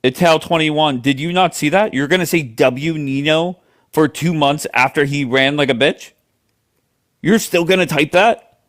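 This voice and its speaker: A man's voice: a little high, measured pace, a bit bright. A man hosting a live stream debate, blunt and mocking as he questions callers. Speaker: livestream host.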